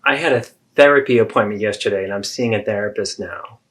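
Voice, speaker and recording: A man's voice: on the low side, fast, fairly bright tone, natural voice. A man playing an adult daughter who earnestly and persistently confronts her mother in a therapeutic role-play.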